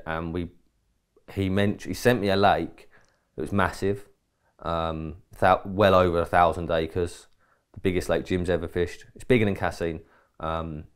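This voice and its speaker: Deep and clean in tone, this English man co-hosts a podcast and spins a rambling tale in relaxed chat. He performs quoted dialogue and swears mildly along the way.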